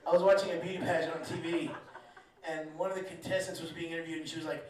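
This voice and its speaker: A man's voice: on the high side, level tone, rapid-fire, a little mellow, far from the mic. A man doing a stand-up set, laid-back and rambling, laughing at his own jokes. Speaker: stand-up comedian. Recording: echoey room recorded from afar with a crowd.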